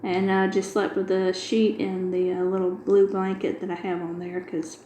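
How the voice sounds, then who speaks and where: A woman's voice: medium pitch, little pitch movement, moderate pace, warm tone, echoey room, a little hiss or hum, low-quality recording. Chatty woman telling a rambling story. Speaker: craft video host. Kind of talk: casual chat while diamond painting.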